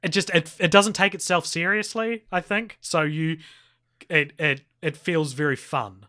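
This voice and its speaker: A man's voice: fairly high pitch, a little slow, pushed and bright. A man co-hosting a podcast, recapping a horror film in rambling casual chat with fillers and restarts. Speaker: podcast co-host.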